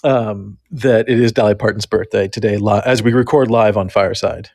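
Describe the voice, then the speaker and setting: A man's voice: fairly low pitch, fairly even intonation, normal speed, creaky, darkish tone, no echo, clean studio sound. A man co-hosting a casual podcast with his wife, easygoing and laughing often. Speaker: podcast co-host. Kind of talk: casual chat.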